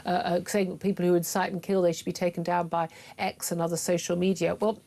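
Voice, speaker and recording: A woman's voice: fairly low pitch, little pitch movement, fast talker, gravelly, warm tone. A middle-aged woman hosting a talk radio show, forthright and emphatic, with frequent fillers. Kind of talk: opinionated talk radio monologue.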